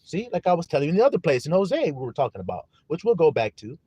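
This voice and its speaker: A male preacher delivering a sermon in an animated, emphatic way with casual profanity. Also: fairly high pitch, fast, breathy edge, no room sound.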